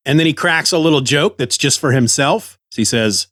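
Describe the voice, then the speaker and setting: A man's voice: medium pitch, expressive, fairly quick, fairly bright tone, no room sound. A man hosting a comic book podcast, chatty and enthusiastic, on a close microphone. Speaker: podcast host.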